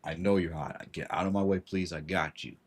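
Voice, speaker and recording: A man telling a personal story on a livestream, halting and repeating himself, with frustration in his voice. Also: low voice, steady tone, husky. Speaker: vlogger.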